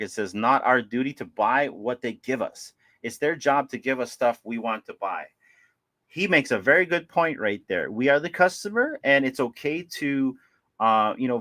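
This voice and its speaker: Lively, laughing male livestream host. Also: medium pitch, no echo. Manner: animated, laughs often, greets viewers by name. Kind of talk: casual livestream chat.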